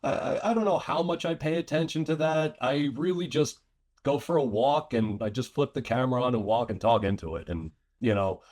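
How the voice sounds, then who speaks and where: A man's voice: mid-range voice, a little fast, darkish tone. A man from New York, a podcast guest, talking in a laid-back, profane, casual way and laughing often.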